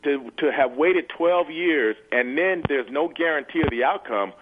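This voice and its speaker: A man's voice: on the high side, lively intonation, unhurried. An earnest man in his sixties, a former football player, talks as a phone-in guest. He often stumbles and repeats words while hunting for the right one. His voice comes through a narrow, tinny phone line. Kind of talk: phone interview.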